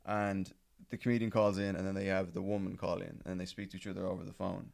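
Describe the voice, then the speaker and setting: A low-voiced man with a gravelly, fry-heavy edge, talking in a loose, offhand way. He hosts a casual podcast chat, narrating and reacting to a clip with crude humour. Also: little pitch movement, quick pace, a little mellow. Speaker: podcast host.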